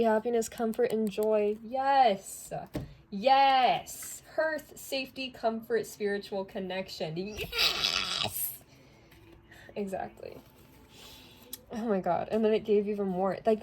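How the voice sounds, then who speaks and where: A woman's voice: mid-range voice, unhurried, darkish tone. A woman doing a casual tarot reading who talks chattily, laughs often and drifts into asides. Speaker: tarot reader.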